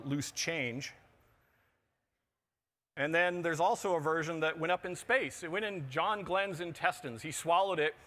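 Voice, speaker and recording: A man with a bright, forceful voice pitched a little high, presenting at a conference. He delivers his talk with dry, joking asides. He sounds middle-aged. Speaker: conference speaker. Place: conference pavilion on a show floor.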